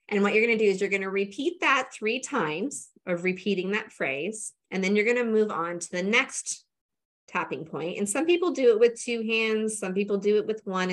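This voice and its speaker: A woman coach, appearing as an energy coach guest, casually explains and demonstrates a tapping routine step by step, using plenty of fillers. Her voice is medium in pitch with a fairly bright tone.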